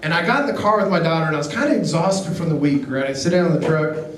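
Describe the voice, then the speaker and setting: Middle-aged guy doing standup, pretty high voice, deadpan storytelling, sounds far off in an echoey club. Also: racing, a little hiss or hum. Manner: deadpan storytelling with acted quotes. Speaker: stand-up comedian. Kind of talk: stand-up set. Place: comedy club stage. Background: audience laughter.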